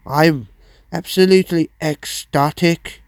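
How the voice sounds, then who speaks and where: A man putting on the voice of an elated middle-aged man just freed from prison, speaking high and excited. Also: slow, no room sound.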